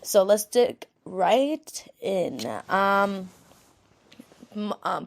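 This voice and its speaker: A woman's voice: mid-range voice, lively intonation, extremely slow, gravelly. A young woman with a New York accent hosts her own podcast. She talks in a candid, rambling way and swears freely. She sounds tired after a full day of work. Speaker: podcast host. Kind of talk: casual self-help pep talk.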